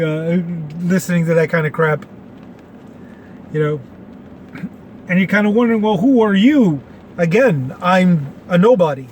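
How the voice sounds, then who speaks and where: A man close to fifty holds forth in a loose, rambling monologue, full of fillers and folksy asides. His voice sits fairly high for a man. Faint background noise hums under the recording. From Texas. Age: 40s. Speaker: podcast host. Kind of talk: casual opinion monologue.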